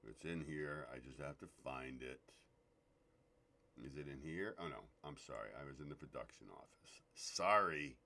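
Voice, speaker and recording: A man's voice: a bass voice, normal speed, pushed and bright. A man hosting a loose live show, joking, swearing and greeting viewers by name. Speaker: show host. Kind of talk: casual live-stream chat.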